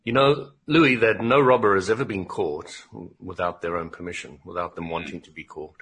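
A man's voice: sits low, steady tone, moderate pace, fairly bright tone, breathy edge. A man chatting casually as co-host in a joking, playful manner. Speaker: podcast co-host. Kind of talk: casual chat.

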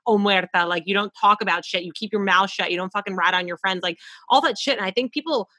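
A woman in her thirties co-hosting a podcast in animated casual chat, swearing freely. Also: mid-range voice, quick pace, dry recording. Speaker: podcast co-host.

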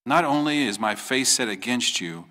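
A man delivers a sermon from the pulpit with a bright, forceful tone. He preaches earnestly, lifting his voice into pointed questions. When he tells a story, he takes on the voices of the people in it. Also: mid-range voice, animated, normal speed. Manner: earnest, rising to emphatic questions. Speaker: pastor.

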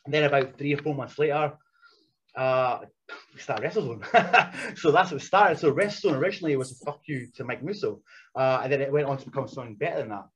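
A man, a former wrestler, casually telling profane, animated stories from his past. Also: medium pitch, fast. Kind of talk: casual storytelling. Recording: dull lo-fi sound with faint noise.

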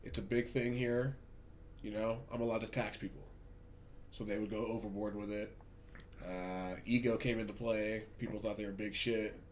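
Over a faint hiss or hum, a man with a fairly low voice speaks at a moderate pace. He hosts a Hollywood podcast and uses the casual chat to tell work stories in a profane, ranting, animated way.

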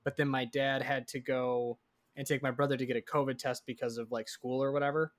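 A man's voice: medium pitch, level tone, a little fast, dry recording. A young man in casual chat, telling stories full of fillers. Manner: rambling, filler-heavy storyteller.

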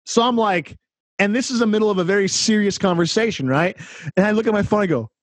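A man on a podcast, telling an excited story and acting out the dialogue in casual chat. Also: high voice, fast talker, no echo. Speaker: podcast co-host, counselor.

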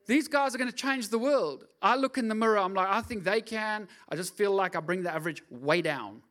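A middle-aged man preaching a lively, joking sermon as pastor, often acting out voices in his stories. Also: sits high, a little fast. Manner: animated, jokey, acts out voices.

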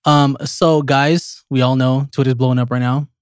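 A man's voice: mid-range voice, level tone, normal speed, smooth, dry recording, clean studio sound. A young man hosting a casual movie podcast, talking in a hyped, slangy, bantering way. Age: young adult. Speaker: podcast host.

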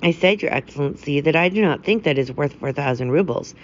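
A woman's voice: deep voice, lively intonation, fast talker, dull audio, a little hiss or hum. A woman voicing an eager young male officer who talks earnestly and obsequiously, in a storybook reading.

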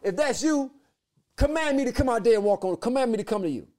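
A man's voice: very high-pitched, animated, quick pace, a little mellow, pitched above the performer's own voice. A man voicing Peter as a bold, brash fisherman who eagerly pleads to be called out onto the water.

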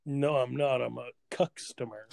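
A man's voice: mid-range voice, steady tone, normal speed, gravelly, a little mellow, no echo. A man in his twenties co-hosting a podcast, bantering casually and laughing mid-sentence as he riffs. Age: 20s. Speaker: podcast co-host.

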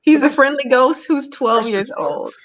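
Woman podcast co-host, somewhat high voice, giggly, short replies. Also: unhurried, a crowd in the background. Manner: laughs often, short replies. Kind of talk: casual chat.

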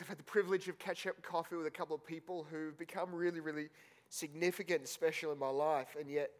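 A man preaching a sermon as pastor, telling a personal story with emotion, tearful and laughing at moments. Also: a little high.

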